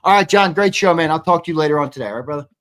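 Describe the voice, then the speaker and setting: Man, sports show host, chatty, reads viewer comments, slightly high voice. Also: very fast, fairly bright tone. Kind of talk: live sports talk show.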